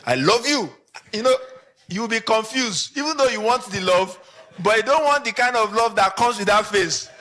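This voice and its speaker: A man with a Nigerian accent giving a conference talk to photographers, animated and acting out short examples as he speaks. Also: sits high, moderate pace.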